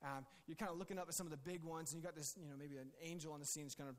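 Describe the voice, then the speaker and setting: A man's voice: on the high side, fairly even intonation, very fast, big-room sound. A male pastor giving a conversational, jokey sermon with many restarts.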